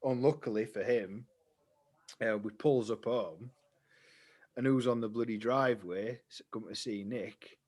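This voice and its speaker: A man's voice: fairly low pitch, measured pace, darkish tone, breathy edge. A young man, casually telling a long story on a podcast, rambling and swearing freely. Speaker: podcast co-host.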